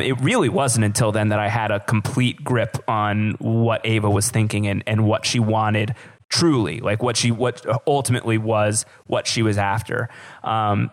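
A man co-hosting a podcast, musing at length with many pauses and restarts, laughing easily. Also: on the low side, creaky. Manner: hesitant, lots of fillers and restarts, laughs easily. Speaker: podcast co-host. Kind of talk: casual podcast chat.

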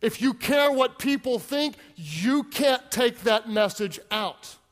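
A man's voice: very high-pitched, expressive, slow pace, fairly bright tone, long reverb tail. A male pastor giving an emphatic sermon, leading call-and-response.

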